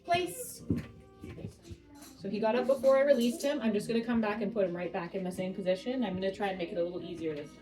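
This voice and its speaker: A woman dog trainer at home, calmly and patiently talking through a training session and softly praising the dog. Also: mid-range voice, very fast, few pauses, soft background music, poor audio. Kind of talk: hands-on training demonstration. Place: home living room.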